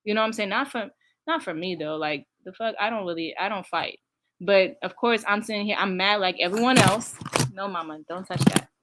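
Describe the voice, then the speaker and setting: A woman's voice: medium pitch, fairly quick, fairly bright tone, a little hiss or hum. Woman casually reacting to old clips. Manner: candid, laughs often, talks to viewers directly.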